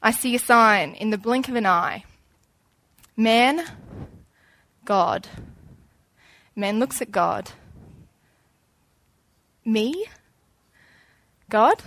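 Animated young woman preaching. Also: on the high side, slow pace, pauses often. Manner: chatty and animated, acting out little scenes. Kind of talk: informal sermon.

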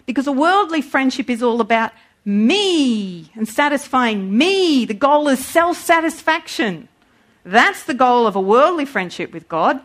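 Animated high-voiced woman preaching. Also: unhurried. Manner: animated, acts out voices in quotes. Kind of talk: sermon.

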